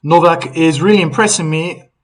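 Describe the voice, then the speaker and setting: A man calling a tennis match live on a stream, chatty and relaxed, reading out viewer comments and laughing now and then. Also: a little high, moderate pace, low-quality recording. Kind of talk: casual live play-by-play commentary.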